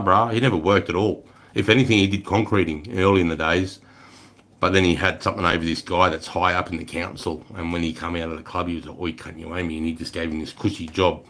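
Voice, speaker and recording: Very low, gravelly-sounding Australian bloke, swearing nonstop while spinning a rambling yarn for a live stream chat. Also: male voice. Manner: profane, rambling, swears constantly. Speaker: livestreamer. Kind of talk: casual storytelling to a live chat.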